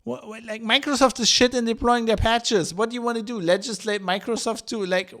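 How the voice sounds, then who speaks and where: Podcast host, male, higher-pitched voice, swearing, exasperated tech rant full of restarts. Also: steady tone, fairly quick, hardly any pauses, a bit bright. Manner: profane, exasperated, many restarts and "like" fillers. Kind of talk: ranting podcast monologue.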